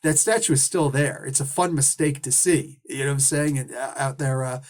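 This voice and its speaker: A man giving a casual, rambling comic book review, full of restarts, asides and quick put-on voices for the characters. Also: mid-range voice. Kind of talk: casual solo review monologue.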